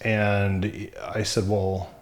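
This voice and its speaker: A man's voice: on the low side, level tone, drawn-out words. Frank, plainspoken middle-aged man. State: short of breath. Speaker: vlogger. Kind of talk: casual talk to camera.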